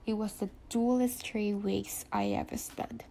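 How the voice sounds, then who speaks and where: A woman's voice: medium pitch, sing-song, unhurried, vocal fry, mellow, a little hiss or hum. Woman reading a fond condescending husband. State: stuffy nose from a cold.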